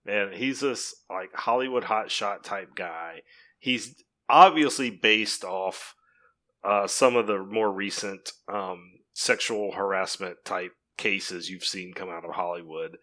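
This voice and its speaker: A man co-hosts a casual podcast, recapping a film plot. His voice sits low but sounds bright and forceful, and he talks in a relaxed, hesitant way with frequent fillers. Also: takes it slowly. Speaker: podcast co-host. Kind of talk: casual movie discussion.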